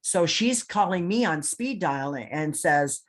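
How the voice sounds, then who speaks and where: A woman's voice: fairly low pitch, lively intonation, slow pace. A woman guest on a podcast telling a personal story with intensity and emphasis, often restarting her sentences. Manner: acts out others' lines in quoted voices.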